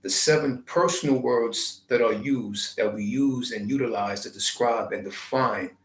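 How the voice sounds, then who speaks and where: Man, host, slow deliberate spiritual talk, drawn-out phrasing, roomy echo. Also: medium pitch. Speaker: channel host.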